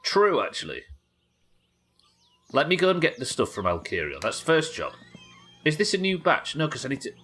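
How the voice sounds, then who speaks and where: A man's voice: fairly high pitch, huge pitch swings, normal speed, long pauses, fairly bright tone, slightly rough, soft background music. A man chatting casually and joking while he plays a game on a live stream. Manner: chatty, joking, swears freely. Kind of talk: casual gameplay commentary.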